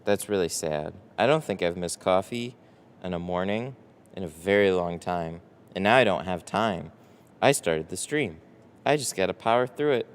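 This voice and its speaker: A low-voiced man rambles through a casual live stream, reading out viewer comments. His voice is smooth and clear. He sounds tired and swears casually between thoughts. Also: expressive, normal speed. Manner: rambling, reads chat aloud, swears casually. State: tired, no coffee. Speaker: window tint shop owner streaming live.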